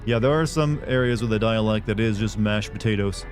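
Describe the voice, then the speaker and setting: Soft music plays behind this man from the United States as he streams gameplay live, talking to chat, cracking jokes and keeping up a chatty running commentary. He sounds on the low side and talks a little fast.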